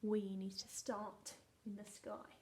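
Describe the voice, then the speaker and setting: An English woman teaching a remote phonics lesson to young children, playful and animated, slipping into whispers and sounding out words slowly. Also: mid-range voice, a little hiss or hum. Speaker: primary school teacher.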